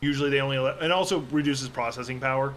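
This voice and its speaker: A man's voice: medium pitch, very fast, fairly bright tone, a little hiss or hum. A man livestreaming a game, giving casual, rambling commentary and swearing freely as he plays. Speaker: gaming livestreamer.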